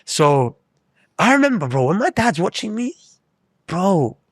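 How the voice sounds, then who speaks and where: A man tells stories in an animated, slangy way. His pitch swings widely and rises high. The sound is dry and close. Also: unhurried, slightly rough, no echo. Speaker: podcast co-host. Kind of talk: casual chat.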